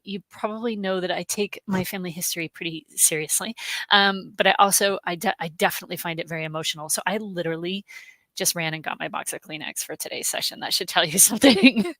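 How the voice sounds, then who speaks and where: A woman hosting a live stream, chatting warmly and greeting viewers by name, with many "um"s, emotional and close to tears. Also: medium pitch, no echo. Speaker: host, genealogy research specialist.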